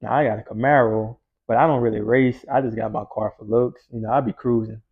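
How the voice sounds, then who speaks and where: A man's voice: medium pitch, fairly even intonation, brisk, breathy edge. A young man from Louisiana, telling a story in a laid-back, slangy way. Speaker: vlogger. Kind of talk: casual storytelling. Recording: dull lo-fi recording.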